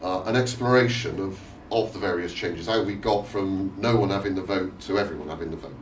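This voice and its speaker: A man's voice: sits low, brisk. A man giving a chatty, loosely structured history talk, with frequent fillers and restarts. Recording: echoey room, distant mic, faint noise.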